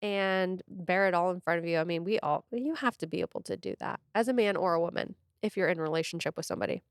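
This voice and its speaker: Chatty woman co-host, low smooth voice. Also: fast talker, dry recording, clean studio sound. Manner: chatty, laughs often, acts out quotes. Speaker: podcast co-host. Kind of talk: casual chat.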